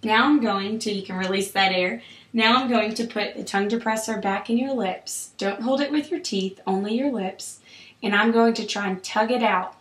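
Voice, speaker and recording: A woman clinician calmly guiding a patient through an oral exam, with steady, encouraging instructions. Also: mid-range voice, moderate pace. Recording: roomy echo.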